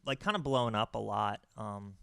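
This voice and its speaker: Woman host w/ a gravelly voice, dry close sound, jokey and teasing. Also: a bass voice, moderate pace, a bit bright, no room sound. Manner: teasing, laughs often. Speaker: host of a monthly composition masterclass. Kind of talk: casual livestream interview.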